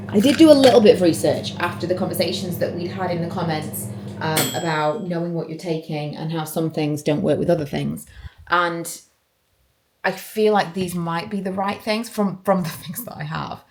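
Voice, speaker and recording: A woman in her late thirties talks to her camera at home in a relaxed vlogging chat. Her voice sits a little low. She comes across as chatty and enthusiastic, with a self-deprecating streak. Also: normal speed, background noise. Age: 30s.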